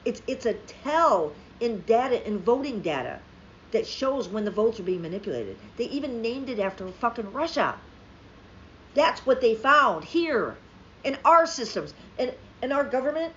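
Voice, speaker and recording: A woman with a fairly high voice vents about politics in a heated, profane rant. She punches her words hard and repeats them for emphasis. The audio is a bit dull and lo-fi, with faint background hiss. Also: sing-song, normal speed. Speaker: political commentator.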